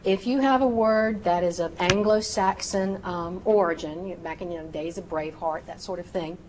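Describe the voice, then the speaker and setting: A woman teaching medical terminology in a recorded lecture, sounding out each term slowly and precisely. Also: fairly low pitch, noisy background. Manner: slow, precise enunciation of terms.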